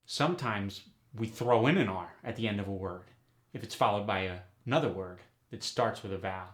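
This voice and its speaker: A man hosting an accent tutorial as a dialect coach, speaking clearly and deliberately as he announces each topic. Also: fairly low pitch, roomy sound.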